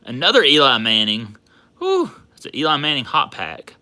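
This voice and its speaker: A man hosting a sports card livestream, chatting casually and getting loudly excited over his pulls. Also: mid-range voice, normal speed. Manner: excitable, hollering and laughing over a big pull.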